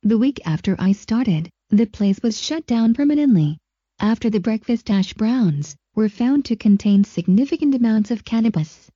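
A text-to-speech woman's voice reading a short first-person story in an even, measured way, lo-fi and dull. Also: on the high side, slightly rough, dry recording.

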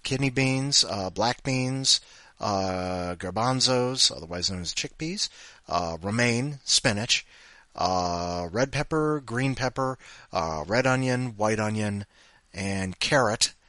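A man's voice: medium pitch, pushed and bright, dry recording. Rambling, jokey podcast host man. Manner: rambling, self-deprecating, jokey. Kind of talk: casual chat.

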